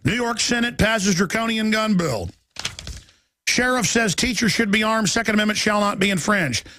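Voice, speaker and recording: A man hosting a talk radio show, ranting urgently and reading headlines aloud in quick bursts. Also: high-pitched, sharp tone, dry recording, clean studio sound. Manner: reads headlines aloud rapidly.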